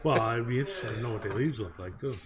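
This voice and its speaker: A man co-hosting a podcast, telling stories in a relaxed, rambling way with many fillers. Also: mid-range voice, quick pace, a loud crowd. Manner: easygoing, rambling, lots of fillers. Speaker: podcast co-host. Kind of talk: casual chat, storytelling.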